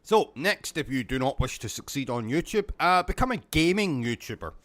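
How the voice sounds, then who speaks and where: A man's voice: mid-range voice, very animated, brisk, a bit bright. A British man hosting a gaming livestream, delivering a rambling, sarcastic mock-serious monologue. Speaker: gaming YouTuber host.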